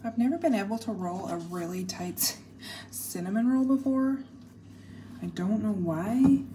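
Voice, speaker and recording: A chatty young woman with a fairly low voice talks viewers through a baking recipe in her home kitchen, full of enthusiasm. Dishes, pots and the clatter of kitchen work sound clearly behind her. She drifts toward and away from the camera mic as she moves about. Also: darkish tone. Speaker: home cooking vlogger. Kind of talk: casual cooking tutorial. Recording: kitchen clatter and appliance noise.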